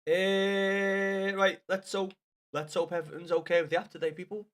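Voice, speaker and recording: A man's voice: sits high, flat delivery, moderate pace, a bit bright. A man chatting casually to viewers on a live game stream, swearing freely and calling everyone lad.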